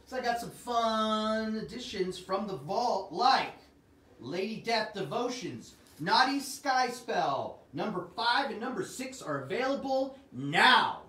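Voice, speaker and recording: A man hosts a livestream sales show with lively salesman patter, calling out to his viewers. His voice sits high. The sound is roomy and picked up from a little way off the mic. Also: unhurried, distant mic. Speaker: host. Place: Arizona.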